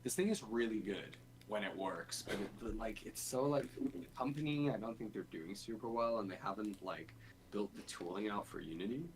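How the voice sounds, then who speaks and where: A man's voice: fairly low pitch, moderate pace, slight background noise, rough recording. A man streaming game development, thinking aloud in a casual, rambling way with lots of fillers. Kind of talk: casual dev stream chat.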